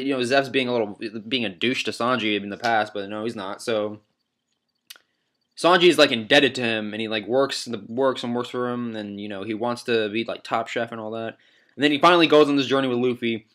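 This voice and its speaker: A man's voice: mid-range voice, fairly bright tone. Rambling man counting down anime moments. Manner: rambling, filler-heavy, swears casually. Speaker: anime vlogger ranking moments. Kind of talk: casual countdown commentary.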